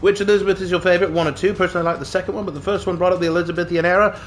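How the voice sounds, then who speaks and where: A man's voice: sits high, steady tone, racing. A gaming streamer, a man, chatting playfully through his gameplay in an exaggerated put-on British accent, tacking jokey slang tags onto his lines. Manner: chuckles often, jokey tags. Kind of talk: casual gameplay commentary.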